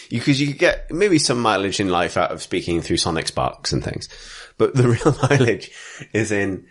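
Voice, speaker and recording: A man co-hosting a podcast in casual chat, rambling and giggling, now and then bursting into loud impressions. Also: fairly low pitch, very animated, normal speed. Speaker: podcast co-host.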